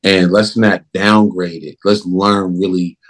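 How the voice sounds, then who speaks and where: A man who directs films, talking in a casual interview in an emphatic, animated way. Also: low voice, slow. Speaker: film director.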